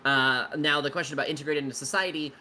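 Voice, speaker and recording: Bright-voiced rambling male game master. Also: fairly high pitch, fairly even intonation, quick pace, a little hiss or hum. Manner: rambling, lots of fillers and loose swearing. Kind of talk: answering player questions out of character.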